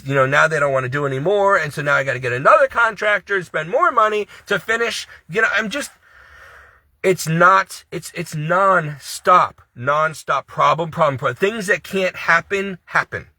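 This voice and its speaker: A man's voice: on the high side, pushed and bright, no room sound. A man giving an emotional, exasperated to-camera monologue about his faith and troubles, pleading and distressed. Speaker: Catholic video creator.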